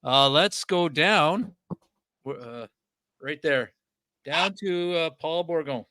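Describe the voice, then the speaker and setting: A Canadian man hosts a casual comedy podcast, his voice bright and punchy and a touch high. He laughs a lot and gets excited easily. The sound is dry and close. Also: slow, dry recording. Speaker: podcast host.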